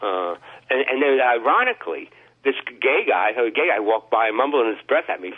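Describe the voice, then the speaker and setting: A man telling a long rambling story in a casual chat, halting with many restarts and fillers. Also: medium pitch, sing-song. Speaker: podcast host. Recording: tinny phone line.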